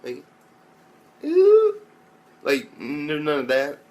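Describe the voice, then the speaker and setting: Speaking at a moderate pace, a young anime reviewer loosely recaps an episode with constant swearing and a mid-register voice. He keeps raising his voice into loud, high-pitched imitations of the characters.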